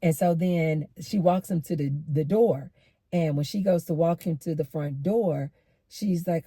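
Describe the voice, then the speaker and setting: Brief: middle-aged woman host, warm and husky, emphatic casual storytelling. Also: deep voice, measured pace, no room sound. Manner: animated, emphatic, repeats lines for effect.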